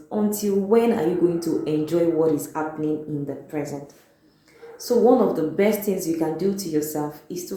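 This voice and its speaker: Low-voiced Nigerian woman in an echoey room. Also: a little mellow. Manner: earnest, repeats key phrases. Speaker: vlogger. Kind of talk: motivational talk to camera.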